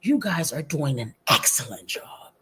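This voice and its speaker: A woman's voice: low-pitched, sing-song, fairly bright tone, breathy edge. A woman streamer reacting to posts in a brash, profane, mocking way. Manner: slow-paced, drawn-out. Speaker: commentary streamer. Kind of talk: reaction commentary.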